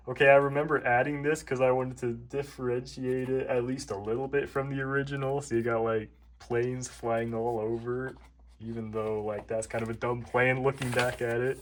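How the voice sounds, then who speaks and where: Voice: mid-range voice, fairly even intonation, brisk. A young adult around twenty, casually rambling and poking fun at their own childhood books. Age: about 20. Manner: rambling, self-mocking. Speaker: YouTuber. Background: faint background music.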